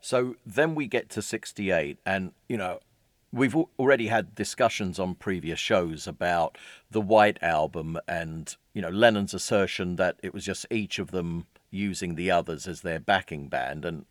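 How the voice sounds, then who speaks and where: Deep voiced podcast dude chatting about records, relaxed, dry sound. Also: male voice, moderate pace, no echo. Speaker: podcast co-host. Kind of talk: casual chat about music records.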